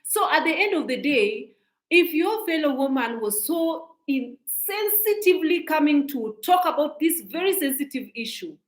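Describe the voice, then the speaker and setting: A woman's voice: high-pitched, sing-song, normal speed, roomy sound, low-quality recording. A woman in her forties giving a scolding, preachy commentary monologue, repeating her points. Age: 40s. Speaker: social media commentator.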